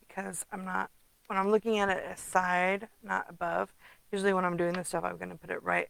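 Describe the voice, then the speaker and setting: A woman's voice: on the low side, little pitch movement, fairly quick, gravelly, fairly bright tone, dry recording, rough recording. A woman casually demonstrating card making at her desk, chatty, humming to herself and muttering asides. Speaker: craft demonstrator.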